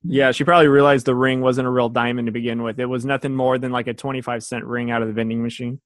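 A man's voice: mid-range voice, little pitch movement, quick pace, dry recording. A man co-hosting a casual chat, laughing often and acting out quotes. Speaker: podcast co-host.

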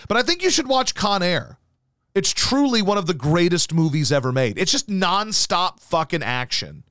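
A man's voice: high voice, big pitch swings, normal speed, sharp tone, dry recording, clean studio sound. A man hosting a talk show, telling rambling, profane stories in casual chat. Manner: profane, rambling storytelling full of fillers. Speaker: show host.

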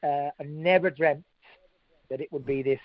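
A man speaking from home as a radio interview guest, cheerful and animated. His voice is a bit higher than most men's and comes through a dull, muffled phone line. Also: normal speed, no echo. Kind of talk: casual interview.

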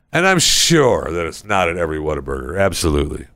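With big pitch swings, a fast delivery and a fairly bright tone, this studio podcast host rambles through a casual comedy monologue. He's sarcastic throughout and imitates people using high voices.

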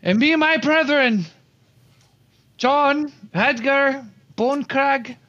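A man playing a tabletop game, giving loud, boisterous in-character toasts with a dull, muffled sound. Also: very high voice, slow. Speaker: player.

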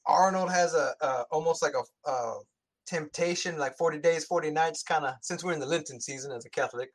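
Man, high voice, casual movie chat, profane, animated. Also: brisk.

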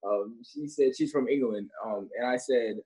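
Husky-voiced young man, easygoing guest who laughs a lot and talks in loose restarts. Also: mid-range voice, moderate pace, mellow, poor audio. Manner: laughs often, rambling with restarts and fillers. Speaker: guest, social media creator. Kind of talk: casual interview chat.

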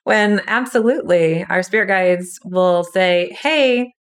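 Low-voiced reflective woman host. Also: steady tone, normal speed. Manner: reflective, spiritual framing, asking open questions. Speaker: podcast host. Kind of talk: casual podcast conversation.

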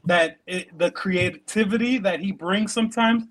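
Male podcast guest, high voice, quick eager delivery, repeats himself. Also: fairly bright tone, low-quality recording. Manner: enthusiastic, rapid, repeats words while thinking. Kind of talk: casual podcast chat.

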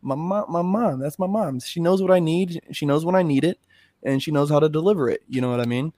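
A man co-hosting a podcast in casual chat, talking in a rambling, animated and profane way. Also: fairly high pitch, a little fast, no room sound, clean studio sound. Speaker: podcast co-host.

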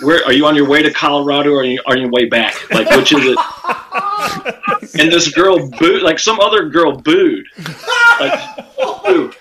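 A man's voice: a little high, unhurried, pauses often, a crowd in the background, low-quality recording. A man, a stand-up comedian, telling a profane story in casual chat and acting out the people in it with a raised voice. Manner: animated, profane, acts out quotes with raised voice.

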